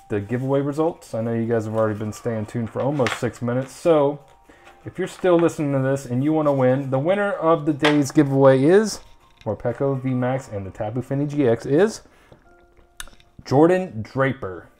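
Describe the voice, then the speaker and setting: A man's voice: mid-range voice, dark tone. A young man hosting a casual card-opening video, chatting and rambling with lots of ums and uhs. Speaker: channel host opening trading card packs.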